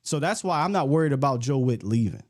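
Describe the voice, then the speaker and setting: A man talking football with a co-host, swinging his voice up and down as he argues. He gets fired up and loud when he makes a point. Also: medium pitch, quick pace. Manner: animated, gets worked up and loud. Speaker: sports podcast host. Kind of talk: casual sports debate.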